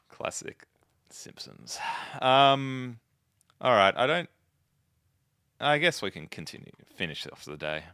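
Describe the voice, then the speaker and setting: A man's voice: mid-range voice, big pitch swings, unhurried, long pauses, bright, forceful tone, clear, resonant tone, no room sound, clean studio sound. A man giving casual gameplay commentary, chatting and musing aloud to himself as he plays. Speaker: let's play host.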